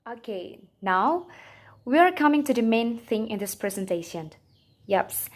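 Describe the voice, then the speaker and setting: Young woman, student presenter, scripted class presentation, careful reading, non-native english speaker. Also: medium pitch. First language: Indonesian.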